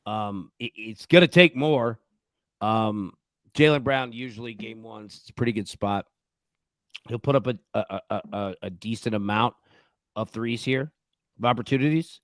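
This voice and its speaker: A man's voice: fairly low pitch, normal speed, a bit bright, no echo, clean studio sound. A middle-aged man hosting a sports betting show, ranting bluntly and swearing, repeating himself for emphasis. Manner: heated, blunt, swearing rant with repeated phrases.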